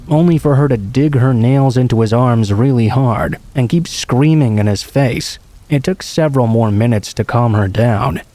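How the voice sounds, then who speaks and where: A man reads scary stories in a calm, even narrator's voice. His tone is dark and mellow, and a steady patter of rain runs behind him. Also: medium pitch. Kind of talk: scripted horror story narration.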